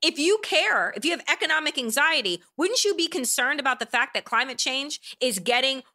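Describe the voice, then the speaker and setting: Female podcast host, indignant and emphatic, high bright voice. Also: animated, a little fast. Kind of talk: heated political podcast discussion.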